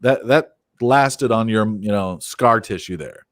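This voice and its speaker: A man's voice: lowish voice, a little slow, no room sound. A man co-hosting a podcast in casual chat, giving business-minded opinions in a conversational way. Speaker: podcast co-host.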